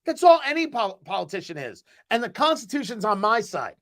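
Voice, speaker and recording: Originally from the US East Coast, a man hosts his own show in casual live-stream chat, emphatic and animated, often repeating words. His voice sits high and his delivery is brisk.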